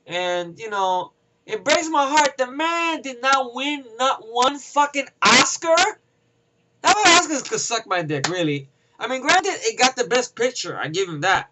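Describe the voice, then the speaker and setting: A man giving a casual, rambling film review, profane and excitable, acting out scenes with voices. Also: very high voice, normal speed, slight background noise, rough recording. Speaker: movie reviewer.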